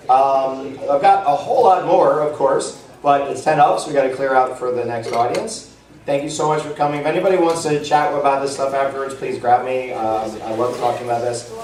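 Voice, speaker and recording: In an echoey room with a distant mic, a panel presenter gives a loose, rambling talk to a live convention audience, riddled with fillers and restarts. His voice is fairly high and a little mellow.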